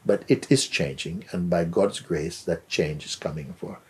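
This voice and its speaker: A man teaching in a spiritual talk, his voice low, breathy and heavily husky. He speaks slowly and softly, often sinking into a near whisper and gently repeating words. His tone stays unhurried throughout. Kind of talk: spiritual talk answering a question.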